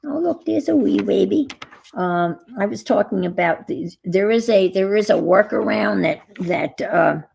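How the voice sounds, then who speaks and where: A woman's voice: mid-range voice, expressive, unhurried, vocal fry, a little mellow, husky. A woman hosting a casual live chat while crafting, rambling as she goes and greeting viewers by name. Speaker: craft livestream host.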